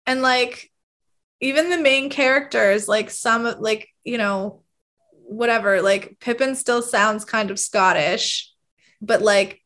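A woman's voice: mid-range voice, sharp tone. A woman in casual conversation, rambling and filling her speech with "like" and frequent laughs. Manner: rambling, heavy use of "like", laughs often. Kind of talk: casual chat.

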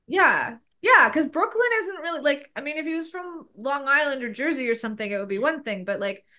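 Woman, podcast host, bright tone, lively pitch, rambling casual chat. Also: brisk. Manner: rambling, full of "like" asides.

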